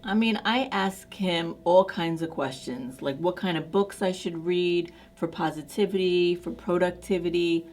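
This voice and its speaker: A woman's voice: on the low side, measured pace, few pauses, darkish tone. Chatty, effusive woman vlogger. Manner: chatty, effusive, full of fillers. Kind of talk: casual talk to camera.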